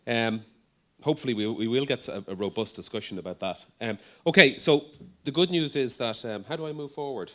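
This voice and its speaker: A man's voice: medium pitch, brisk, bright, forceful tone. A middle-aged man, a neurologist giving a conference presentation in a conversational way, with frequent ums, restarts and light humor.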